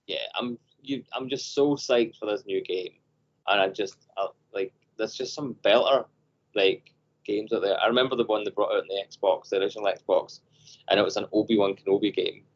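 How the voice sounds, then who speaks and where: A man co-hosting a podcast over a video call, telling animated stories and acting out voices. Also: lowish voice, moderate pace, lo-fi sound. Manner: animated storyteller, acts out voices. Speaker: podcast co-host. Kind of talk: casual chat.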